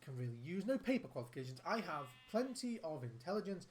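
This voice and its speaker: A man's voice: a little high, big pitch swings, quick pace, faint music behind. A man, a father and gaming video host, speaking earnestly and heartfelt to the camera, repeating his points for emphasis. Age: adult, father of a young son.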